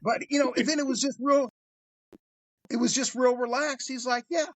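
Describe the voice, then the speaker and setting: A man telling a crime story on a podcast, animated and swearing freely, acting out the other voices as he goes. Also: extremely high pitch, moderate pace, no room sound. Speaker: guest storyteller.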